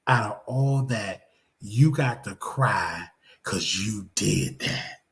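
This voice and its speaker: A man's voice: on the low side, expressive, slow, gravelly. A man hosting a live reaction commentary show, talking in an emphatic, preachy way and repeating his points.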